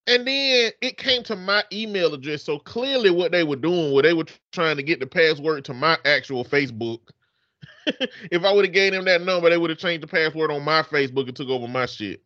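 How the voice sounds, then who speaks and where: A man's voice: on the high side, big pitch swings, normal speed, sharp tone, dry recording, muffled recording. A man co-hosting a casual podcast, telling stories in a joking, profane way. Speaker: podcast co-host.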